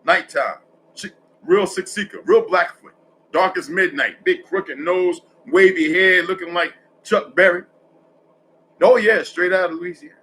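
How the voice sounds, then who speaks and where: A man vlogging in a casual, rambling monologue, correcting himself often and swinging between loud stretches and hushed asides. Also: high-pitched, unhurried, slight background noise, low-quality recording.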